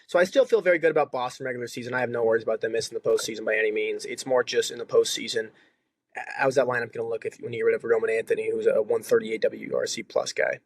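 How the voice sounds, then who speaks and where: A man co-hosting a podcast, giving fast, steady opinions in casual chat. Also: medium pitch, breathy edge, no room sound. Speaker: podcast co-host.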